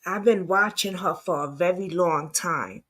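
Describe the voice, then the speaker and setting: A woman's voice: lowish voice, a little slow, a bit bright, slightly rough. A woman hosting a commentary channel, chatting casually while reacting to clips.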